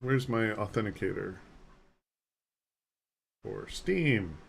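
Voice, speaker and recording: A man's voice: on the low side, takes it slowly, creaky, slightly rough. A man streaming a game live, chatting casually with a rambling, self-deprecating manner as he reads and answers chat.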